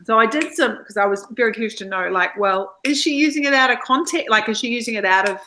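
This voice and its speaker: An Australian woman co-hosting a casual book discussion, chatty and quick to laugh. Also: on the high side, bright, forceful tone, slight background noise, low-quality recording. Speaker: book club co-host.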